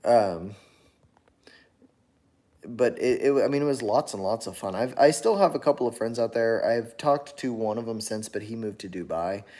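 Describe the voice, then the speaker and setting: A man's voice: mid-range voice, normal speed, dark tone. A tired man talking on his own channel in a casual, rambling monologue, full of fillers and restarts. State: tired after a long workday. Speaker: channel host.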